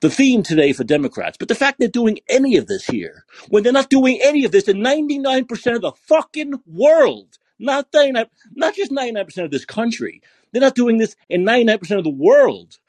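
A man's voice: extremely high pitch, sing-song, brisk, hardly any pauses, a little mellow, dry recording. A man hosting a podcast, delivering a profane, sarcastic political rant. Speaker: podcast host. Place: San Francisco.

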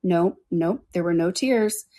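A woman reading a children's book aloud in a plain, steady storytelling manner. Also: lowish voice, unhurried.

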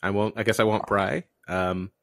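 A man hosting an improvised comedy podcast, laid-back and deadpan, playing along with his callers. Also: lowish voice, normal speed, gravelly, dry recording, clean studio sound. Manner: laid-back, deadpan, breaks into laughter and shouts.

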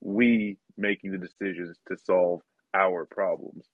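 Halting, low-voiced male podcast host. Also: fairly even intonation, dry recording. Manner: halting, many fillers and restarts, laughs lightly. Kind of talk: casual podcast conversation. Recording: slightly dull, dry audio.

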